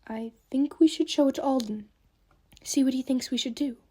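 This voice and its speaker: A woman voicing a gentle, grieving elf mother who speaks quietly. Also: high voice, moderate pace, pitched above the performer's own voice.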